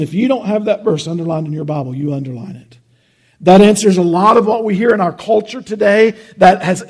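A pastor preaches in an earnest, conversational way, stumbling and restarting as he goes. His voice sits high for a man and has a gravelly, husky edge. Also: a little mellow. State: choked up with emotion. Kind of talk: sermon.

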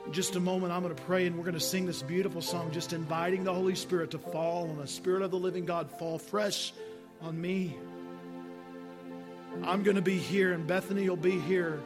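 A man's voice: sits high, flat delivery, brisk, music in the background. A man preaching a sermon as pastor, earnest and full of rhetorical questions.

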